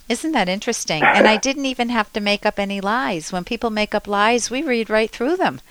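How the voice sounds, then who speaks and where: A woman's voice: medium pitch, fairly quick, a bit bright, no echo, low-quality recording. A woman radio therapist hosting a call-in show, earnestly coaching a caller with spoken examples.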